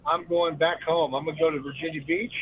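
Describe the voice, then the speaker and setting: A man's voice: on the high side, steady tone, fast talker, phone-quality sound, a little hiss or hum. A man calling in to a talk show who chats in a laid-back, friendly way with frequent fillers. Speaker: call-in guest. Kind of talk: casual phone-in chat.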